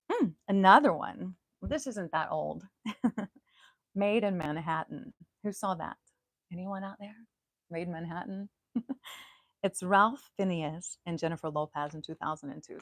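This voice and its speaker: A woman's voice: fairly low pitch, dry recording, poor audio. Chatty giggly woman hosting a live stream. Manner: chatty, giggly, swears, bursts into loud asides. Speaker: host. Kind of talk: casual live-stream chat.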